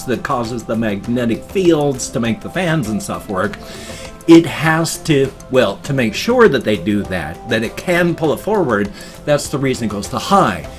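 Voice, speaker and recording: A tired man in his fifties rambling through a casual vlog, explaining things at length with restarts. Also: mid-range voice. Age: 50s. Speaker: vlogger.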